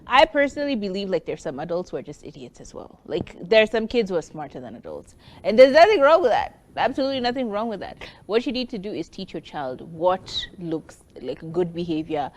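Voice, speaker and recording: A woman with a fairly low voice talks earnestly about raising children. She co-hosts a casual talk show and speaks in an advising, conversational way. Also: a little mellow. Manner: earnest, advice-giving, acts out quoted children.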